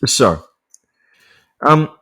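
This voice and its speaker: A man's voice: extremely slow, pushed and bright. A man hosting a podcast, casually recapping a film in a profane, laughing, rambling monologue. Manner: chatty and profane, laughing often; digressive, full of fillers and restarts. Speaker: podcast host.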